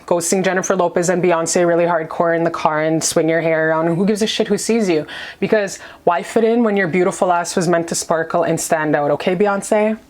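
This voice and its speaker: Female tarot reader, slightly low voice, effusive and profane, chatty check-ins. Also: darkish tone. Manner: gushing, profane and playful, lots of "okay?". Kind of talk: casual tarot reading to camera.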